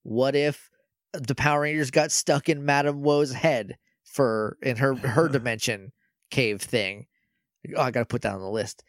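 A man co-hosting a casual podcast, retelling an episode in an animated, chatty way full of "like.". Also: medium pitch, moderate pace, no echo, clean studio sound. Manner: animated, chatty, heavy use of "like", acts out quoted lines. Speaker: podcast co-host.

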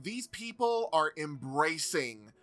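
An easygoing game master narrates a tabletop game, setting each scene in a bright, clear voice. The delivery is relaxed and descriptive. Soft music sits faintly underneath. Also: medium pitch, slow pace.

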